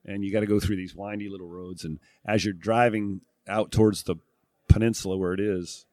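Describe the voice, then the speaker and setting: Reflective low-voiced middle-aged man. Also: steady tone, a little fast, mellow, dry recording. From New England. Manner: reflective, thinks aloud with frequent fillers and restarts. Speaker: guest, former tour golfer and broadcast analyst. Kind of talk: casual interview talk.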